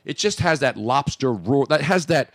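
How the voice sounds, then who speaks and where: A man's voice: mid-range voice, expressive, moderate pace, no echo. A man, hosting a radio show with joking, rambling banter that often stops and restarts. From Philadelphia. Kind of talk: casual comedic radio banter.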